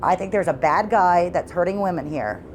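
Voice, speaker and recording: A middle-aged woman telling an interviewer about her haunted house at home, in halting, earnest speech that repeats words. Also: fairly low pitch, animated, slight background noise. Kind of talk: emotional interview testimony.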